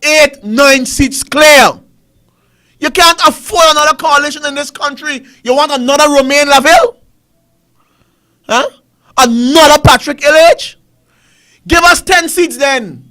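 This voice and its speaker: Male Caribbean talk host, very high bright voice, heated ranting commentary. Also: unhurried, long pauses. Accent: Caribbean English. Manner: ranting, repetitive, rhetorical questions. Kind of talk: fiery political commentary.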